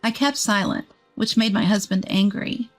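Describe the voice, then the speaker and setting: A woman, a text-to-speech voice, reading a first-person story as a scripted narration in an even, steady way. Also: mid-range voice, normal speed, faint music behind.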